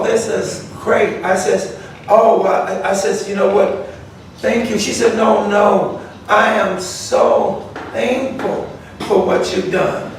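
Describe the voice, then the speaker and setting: Folksy preacher with a high voice, echoey room. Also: male voice, vocal fry, a little hiss or hum. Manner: folksy, animated retelling of conversations. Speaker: pastor. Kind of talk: Bible study talk with storytelling. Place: church room. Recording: echoey room, distant mic.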